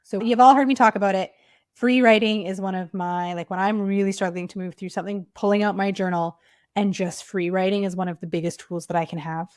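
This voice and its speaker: Heartfelt woman, soft, near whisper. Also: medium pitch, fairly even intonation, fairly quick, no room sound, studio quality. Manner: heartfelt, emotional, often drops to a near whisper; casual, frequent "like" fillers. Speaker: podcast host and clinic owner. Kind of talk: personal storytelling podcast.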